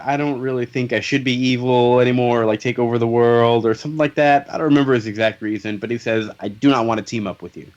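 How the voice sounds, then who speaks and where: Joking man recapping a comic, dull audio. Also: medium pitch. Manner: joking, summarizes plots with playful voiced quotes. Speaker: podcast host. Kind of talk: casual comics podcast chat.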